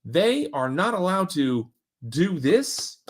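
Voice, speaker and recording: Man hosting with lively swings in pitch. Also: slow pace, slightly rough. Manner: joking, reads comments aloud in mock-dramatic voices. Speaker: host reading viewer comments. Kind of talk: casual live-stream banter.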